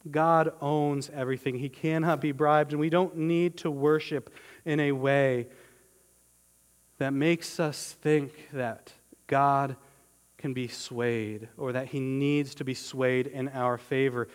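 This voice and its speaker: A man preaching a sermon as pastor, earnest and emphatic, slowing down on key words and often restarting his phrases. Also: medium pitch, steady tone, clear, resonant tone, big-room sound.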